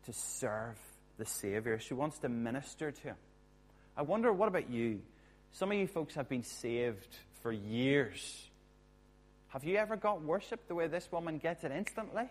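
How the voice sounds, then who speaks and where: A man preaching a sermon as a pastor, chatty and jokey with quick asides. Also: mid-range voice.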